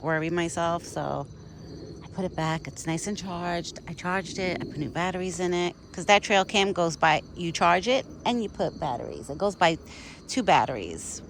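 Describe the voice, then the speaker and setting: A woman's voice: on the low side, a bit bright, a little hiss or hum. A woman in her thirties chatting casually outdoors while feeding a deer, cooing baby talk at it. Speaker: vlogger feeding a wild deer. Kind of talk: casual chat. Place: outdoors in a yard at dusk. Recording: outdoor phone recording, crickets. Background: crickets and insects.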